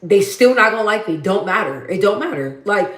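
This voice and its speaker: A woman with a deep, bassy voice chatting casually as host of her livestream, blunt and matter-of-fact and repeating herself for emphasis. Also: lively intonation, fairly quick, fairly bright tone. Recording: roomy echo.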